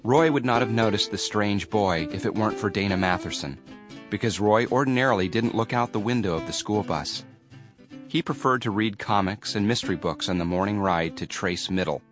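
Low-voiced man reading an audiobook. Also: fairly quick, fairly bright tone, faint music behind. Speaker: audiobook narrator. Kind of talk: scripted narration.

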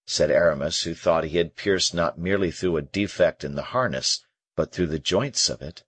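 A man narrating an audiobook in a measured, expressive way with a husky voice. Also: rumbling low, no echo. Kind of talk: scripted narration.

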